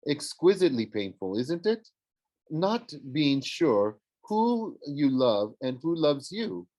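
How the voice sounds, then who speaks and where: A man's voice: on the high side, very animated, slow pace, a little mellow, pitched above the performer's own voice. A man doing Aphrodite, a gushing love goddess. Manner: gushing, theatrical, sing-song. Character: swooning, dramatic goddess of love, woman. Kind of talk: audiobook character voice.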